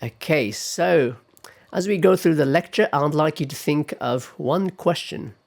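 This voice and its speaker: Man lecturing, pausing on okay. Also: a little high, gravelly. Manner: measured, often pausing with "okay" and "all right"; models sample words aloud. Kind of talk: classroom lecture on pronunciation.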